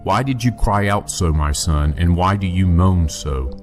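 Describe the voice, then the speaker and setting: Man voicing a grave old grandfather, deep, slow and measured, faint music behind. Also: a little mellow.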